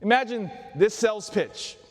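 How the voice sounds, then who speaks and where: A priest preaches to his parish with a fairly high, lively voice that swoops up and down. He fires off rhetorical questions and drops into near-whispers. The sound carries a long church reverb. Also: normal speed. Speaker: Catholic priest. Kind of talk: sermon. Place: large church.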